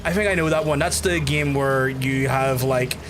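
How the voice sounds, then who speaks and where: A man's voice: mid-range voice, moderate pace, background noise. A man in a casual gaming livestream who rambles and swears often while he talks to chat. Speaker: gaming streamer. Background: game music.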